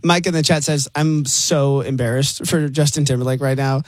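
A man co-hosting a live radio show, chatting casually in an excitable way and laughing often. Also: mid-range voice, moderate pace, no echo. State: a bit out of breath. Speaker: radio co-host.

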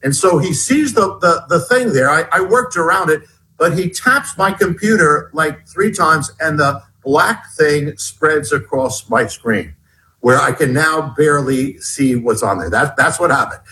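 A middle-aged man with a fairly high voice tells his story in an animated, halting way. He breaks off and restarts his sentences as he goes. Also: low-quality recording. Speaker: guest author. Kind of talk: storytelling in an interview.

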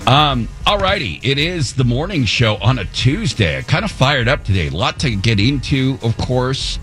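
A man's voice: medium pitch, big pitch swings, normal speed, fairly bright tone, soft background music. A middle-aged man hosting a radio morning show, bantering casually with a rambling, playfully opinionated, joking manner in a studio.

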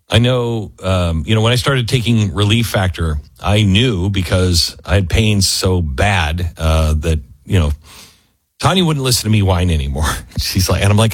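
A man hosting a talk show, reading promos and an ad in a chatty, halting way with many fillers. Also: low-pitched, expressive, no echo. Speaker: radio host reading ads. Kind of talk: host-read promo and ad.

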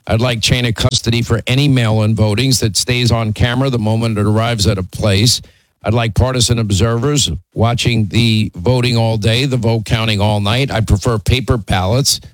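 Male talk radio host, middle pitch, dry close mic, firm and plainspoken. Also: steady tone, normal speed, no room sound, rough recording. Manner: plainspoken, firm, repeats himself when making a point.

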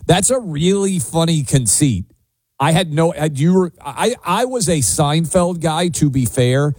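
A man's voice: fairly high pitch, animated, unhurried, darkish tone, husky, dry recording. A man co-hosting a radio talk show and taking calls, chatty with frequent restarts. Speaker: radio host.

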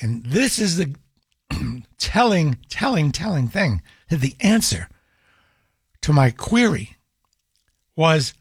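A man's voice: a little high, big pitch swings, takes it slowly, pauses often, breathy edge, dry recording, studio quality. A middle-aged man hosting a call-in radio show, talking casually with many fillers and restarts, and firing off exasperated rhetorical questions. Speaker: radio talk show host.

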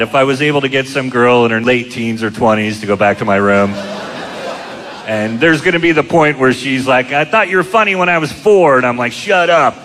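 A middle-aged man tells self-deprecating stories on a comedy club stage, his pitch lively and expressive. The live recording carries a long reverb tail. Clear background noise sits under his voice. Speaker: touring stand-up comedian. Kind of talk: stand-up comedy set.

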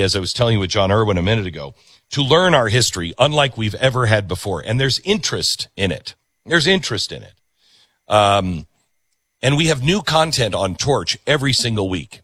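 A man hosts a talk show, his pitch swinging widely as he riffs through a monologue and slips into quick quoted voices. The sound is dry and close, with no room around it. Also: slightly rough, no room sound. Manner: animated, conversational, acts out quoted voices. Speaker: radio and TV show host.

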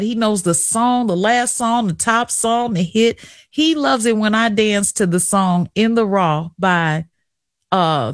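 A middle-aged woman hosts a radio talk show and speaks openly and with feeling. Her manner is confiding and chatty. The sound is dry and close to the mic, with no room echo. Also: mid-range voice. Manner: candid, emotional, confiding, chatty. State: tearful at times. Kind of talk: emotional personal radio monologue.

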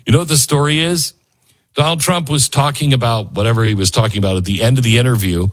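A man hosting a talk radio show, rambling and animated as he jumps from aside to aside and reads ads in his own words. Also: medium pitch, quick pace. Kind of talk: talk radio monologue with host-read ads.

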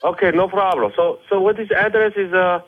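A man with a Korean accent, speaking halting broken English on a phone call as a restaurant worker. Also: high voice, steady tone, slightly rough. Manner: halting broken English, gets loud and indignant. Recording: phone line.

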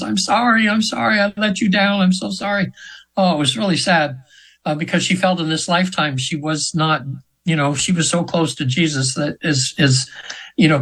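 A husky man in his seventies, pitched fairly high with a fairly bright tone, speaks on a rough recording. He's a hypnotherapist appearing as an interview guest, telling a story in an earnest, rambling way and restarting often.

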